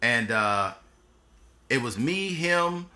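A man's voice: medium pitch, lively intonation, slow pace, sharp tone. A man in his thirties hosting a podcast, telling his story bluntly and with passion in casual chat. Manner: impassioned, blunt storytelling with swearing. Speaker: podcast host.

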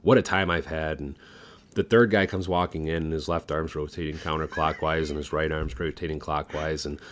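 A low-voiced man tells a long joke on a podcast. He rambles with fillers and the odd swear word, casual and unhurried. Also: little pitch movement, slight background noise. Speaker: podcast co-host.

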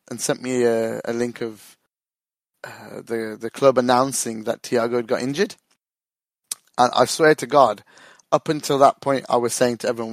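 Here a podcast co-host with a medium-pitched voice chats casually about football, rambling along while swearing and laughing often. No room sound is audible in the recording.

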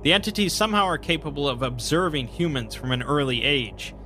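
A young man narrating a horror story in measured, scripted fashion, with brief asides of his own. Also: fairly high pitch, soft background music. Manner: calm, measured retelling of horror events with brief personal asides. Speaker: narrator and channel host.

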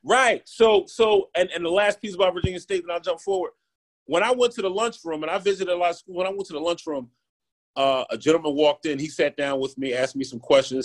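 Guest, man, 30s. Husky, slightly high, animated storyteller. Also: fast. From Philadelphia, USA. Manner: animated, keeps asking "right?", acts out quotes. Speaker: podcast guest. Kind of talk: casual interview storytelling.

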